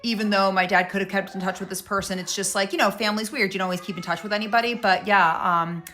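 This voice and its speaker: A woman's voice: medium pitch, fairly even intonation, quick pace, sharp tone, slight background noise. A woman casually telling a personal story, chatty, acting out both sides of a conversation.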